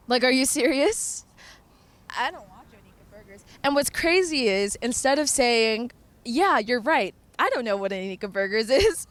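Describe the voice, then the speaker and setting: Chatty young woman, slightly high voice. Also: no echo. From North Carolina. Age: young adult. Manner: animated, chatty, laughs often, lots of "like". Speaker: vlogger. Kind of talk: casual storytelling chat.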